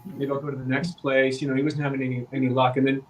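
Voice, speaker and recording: A man's voice: mid-range voice, fast talker, rough recording. A man, an actor guest on a podcast, telling a long anecdote in casual chat and acting out the quoted lines. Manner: animated anecdote teller, acts out quoted dialogue. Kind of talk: casual storytelling.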